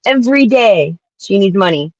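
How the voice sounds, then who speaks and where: A woman's voice: medium pitch, expressive, normal speed, no room sound, muffled recording. A woman joining a stream as a guest, talking in a rambling, blunt way full of "like" fillers. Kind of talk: casual call-in chat.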